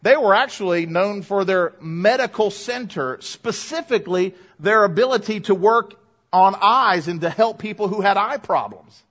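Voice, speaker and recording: A man preaching a sermon in a church, emphatic, swinging from quiet asides to loud, fired-up lines. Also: sits high, expressive, moderate pace. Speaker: pastor.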